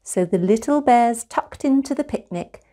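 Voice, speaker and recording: A woman reading a children's picture book aloud, slow, gentle and expressive. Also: on the high side. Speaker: storyteller.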